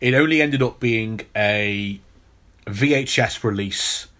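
A man's voice: lowish voice, slow pace, pushed and bright. A man hosting a podcast, telling a long story in casual chat and often restarting his sentences. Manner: storytelling, repeats words when restarting. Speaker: podcast host.

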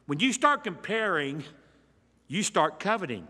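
Bright-voiced man preaching in a reverberant hall. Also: high-pitched, sing-song, measured pace. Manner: emphatic verse-by-verse teaching with rhetorical questions. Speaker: pastor. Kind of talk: sermon.

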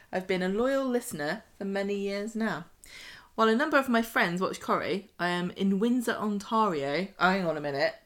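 A woman's voice: medium pitch, sharp tone. Playful English woman podcast co-host. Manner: playful, teasing. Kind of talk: casual podcast chat, reading emails.

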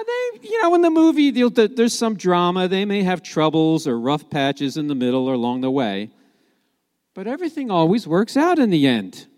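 A man's voice: sits high, a little mellow, long reverb tail. A man preaching a sermon in a conversational, emphatic way, with joking asides.

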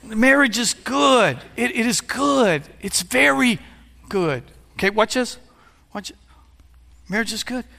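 High-voiced gravelly pastor preaching in a hall. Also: male voice, lively intonation, slow pace. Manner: preachy, playful, builds to shouts. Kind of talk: sermon. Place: church sanctuary. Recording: long hall reverb.

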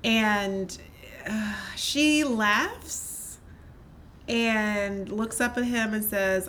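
A woman's voice: medium pitch, slight background noise. A woman co-hosting a podcast, chattily retelling a reality show episode with lots of fillers. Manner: fast, animated retelling with many fillers. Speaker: podcast co-host. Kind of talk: casual recap chat.

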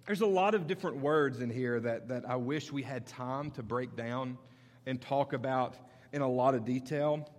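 A man's voice: mid-range voice, moderate pace, big-room sound. A male pastor preaching a sermon in a conversational, storytelling way that builds to emphatic points. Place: church sanctuary.

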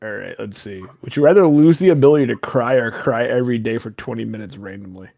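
A man's voice: medium pitch, quick pace, gravelly, dark tone, no room sound. A man hosting a podcast, chatting casually in a rambling, joking way and swearing often. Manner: rambling, swears a lot, jokey asides. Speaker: podcast host.

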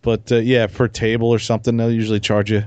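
A man co-hosting a casual podcast, relaxed and rambling, often restarting his sentences. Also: on the low side, fast talker, clean tone, dry recording. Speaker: podcast co-host. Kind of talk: casual chat.

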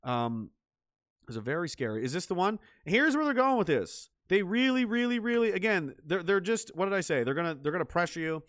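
A man's voice: high-pitched, expressive, brisk, a bit bright, no echo. Sarcastic, profane male ranter, dry voice. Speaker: livestream commentator. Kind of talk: ranting political commentary, reading chat.

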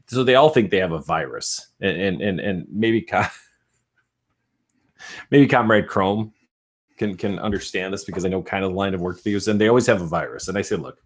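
Joking man with a deep husky voice. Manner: joking, wisecracking. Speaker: podcast co-host. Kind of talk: casual podcast chat.

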